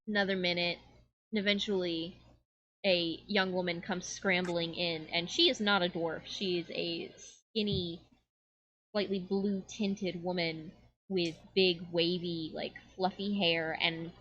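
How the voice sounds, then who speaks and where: A woman narrating as game master of a tabletop game in a relaxed, casual way. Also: on the low side, measured pace, lo-fi sound.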